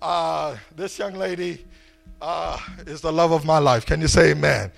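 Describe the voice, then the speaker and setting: A middle-aged male pastor preaching a sermon in a church, swinging between booming shouts and soft asides, often stammering and repeating words. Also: steady tone, unhurried, gravelly, faint music behind. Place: church, before a congregation.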